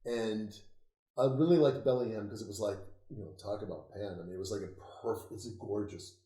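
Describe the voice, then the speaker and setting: Laughing older man telling animated stories. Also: lowish voice, fairly quick. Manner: animated, laughing storyteller, swears freely. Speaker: interview guest, occultist author. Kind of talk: casual storytelling conversation. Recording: roomy echo.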